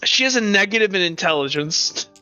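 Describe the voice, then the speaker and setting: Casting: male game master, bright tone, muffled lo-fi sound, quiet music behind. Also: high voice, expressive, fairly quick, smooth. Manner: rambling, filler-heavy narration. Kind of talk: narrating a tabletop game.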